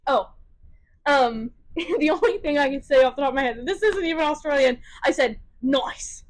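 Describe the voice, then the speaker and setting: A young woman with a high voice chats casually on a podcast. She tells her stories in an animated way and laughs often. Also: moderate pace. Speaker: podcast co-host. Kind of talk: casual chat.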